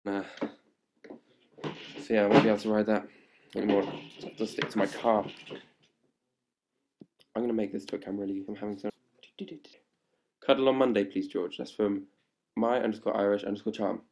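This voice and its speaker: A man's voice: on the low side, steady tone, fairly quick, pauses often, slight background noise. Hyper, playful young man on a webcam. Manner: hyper and playful, gets louder as it goes on. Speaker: livestream host answering fan questions. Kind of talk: casual live webcam chat. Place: indoors at home. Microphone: laptop webcam mic.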